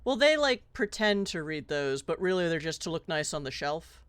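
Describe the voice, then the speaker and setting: A woman talking animatedly as a player in a tabletop role-playing game, with quick asides and frequent laughter. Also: low-pitched, very animated, clean tone. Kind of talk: casual tabletop role-play.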